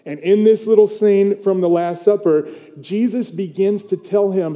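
A man's voice: high-pitched, fairly even intonation, normal speed, mellow. A man preaching a conversational sermon as pastor, telling the story with animation and checking in with the congregation with "okay?" and "right?". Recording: long hall reverb.

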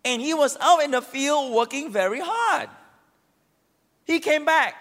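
A man preaching a sermon, animated and calling on the congregation to answer back. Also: extremely high pitch, measured pace, long pauses, long reverb tail. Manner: animated, asks the congregation to respond.

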